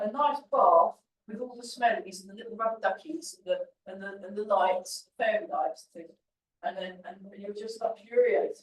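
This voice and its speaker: A woman teaching a tai chi class, chatty and encouraging as she talks through the moves. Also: a little high. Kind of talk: teaching a class while demonstrating. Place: large roomy class hall. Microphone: camera at a distance. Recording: echoey hall from far off.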